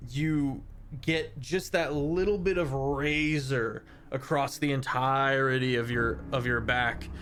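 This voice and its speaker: A man as dungeon master, describing scenes in a halting, rambling way with many fillers. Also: medium pitch, steady tone, a bit bright, smooth. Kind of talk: narrating a tabletop game.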